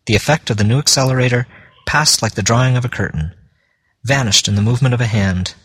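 Male audiobook narrator, measured storytelling. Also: mid-range voice, fairly bright tone, slightly rough, no room sound. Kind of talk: scripted narration.

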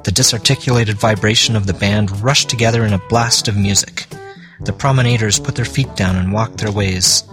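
Male audiobook narrator, measured storytelling. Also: fairly low pitch, fairly bright tone, faint music behind. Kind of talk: scripted narration.

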